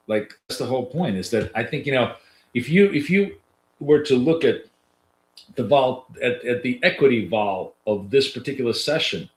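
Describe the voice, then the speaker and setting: A man with a nasal voice, giving loose, chatty live trading commentary to viewers as a coach, with lots of fillers and restarts. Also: medium pitch. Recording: roomy echo.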